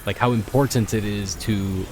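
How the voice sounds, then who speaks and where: A man's voice: fairly low pitch, moderate pace, noisy background. A man giving casual commentary while playing a video game, rambling with lots of fillers and sounding out of breath. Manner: rambling, excitable, many fillers. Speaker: gaming video creator.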